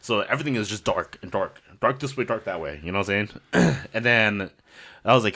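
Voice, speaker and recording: A man, a podcast host and native Hmong speaker, telling a story in a casual, animated way, swearing often and keeping the listener hooked. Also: lowish voice, fairly quick. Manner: animated, profane, keeps saying "you know what I'm saying".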